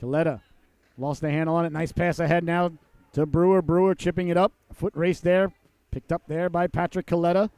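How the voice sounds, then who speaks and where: A man calling a youth hockey game play by play, folksy and joking, who breaks into shouts on big plays. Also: a little high, little pitch movement, brisk, clear, resonant tone, no room sound. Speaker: play-by-play commentator.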